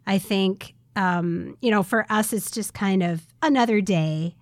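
A woman's voice: medium pitch, measured pace, no room sound, studio quality. A middle-aged woman co-hosting a podcast, chatting casually and giggling often. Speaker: podcast co-host. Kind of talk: casual chat.

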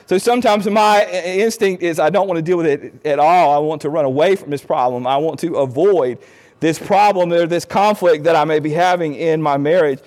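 High-voiced earnest middle-aged man. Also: brisk, darkish tone. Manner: earnest and conversational, acting out quoted lines to his spouse. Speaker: speaker on marriage. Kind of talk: informal talk on marriage advice.

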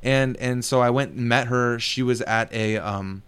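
Young guy co-hosting a gaming podcast, smooth resonant voice, chill rambling stories, lots of cussing and laughing. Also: mid-range voice, steady tone, a little slow, fairly bright tone. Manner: laid-back storytelling, swears freely, laughs often. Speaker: podcast co-host. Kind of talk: casual gaming podcast chat.

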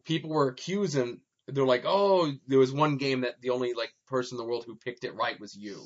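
A man's voice: medium pitch, fairly quick. A man talking playfully and teasingly to his child in casual chat. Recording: dull lo-fi sound.

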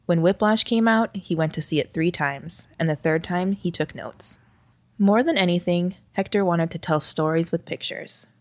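A woman narrating a scripted story in a wry, lightly expressive reading voice. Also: lowish voice, moderate pace, no echo.

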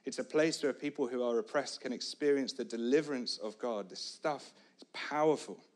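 Guy preaching a sermon, dramatic storytelling, goes quiet then shouts, mid-pitched voice. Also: moderate pace.

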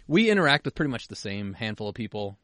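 Sweary joking podcast host, dry sound. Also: male voice, lowish voice, sing-song, quick pace, a bit bright, no room sound. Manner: joking, sweary, drops into a mutter. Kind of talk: casual banter, reading listener emails.

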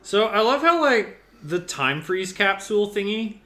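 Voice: medium pitch, big pitch swings, unhurried, pushed and bright. A podcast co-host making sarcastic, swearing jokes while watching a film. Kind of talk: casual watch-along chat. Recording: roomy echo.

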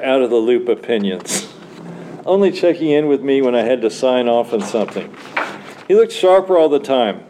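A man reading his own story aloud at a church literary evening, in a mellow, relaxed voice. His delivery is wry, and he chuckles at his own lines, with a faint hum of the room behind him. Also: mid-range voice.

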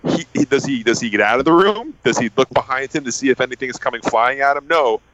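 A man in casual podcast chat, ranting in an excited, animated way about a movie he disliked. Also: medium pitch, fast talker, no room sound, lo-fi sound.

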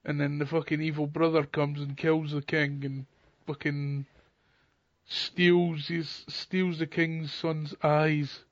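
A man's voice: on the high side, little pitch movement, slow, no echo, muffled recording. A man chatting casually on a podcast, blunt and joking, swearing constantly. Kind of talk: casual chat.

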